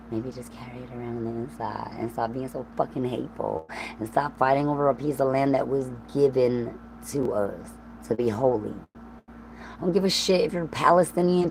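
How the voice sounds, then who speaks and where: Deep-voiced profane woman rambling on a livestream. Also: slight background noise, low-quality recording. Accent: Southern US. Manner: profane, stream-of-consciousness, laughing asides. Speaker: livestream host.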